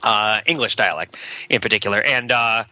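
A man's voice: lowish voice, moderate pace, pushed and bright, no room sound, poor audio. A man co-hosting a casual literature podcast on a headset, rambling and restarting, laughing often as he talks. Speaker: podcast co-host.

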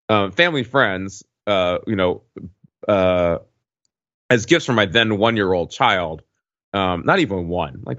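Rambling man in his forties, low-pitched. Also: fairly bright tone, dry recording, lo-fi sound. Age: 40s. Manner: rambling, heavy with fillers and restarts. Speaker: podcast host. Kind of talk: casual chat.

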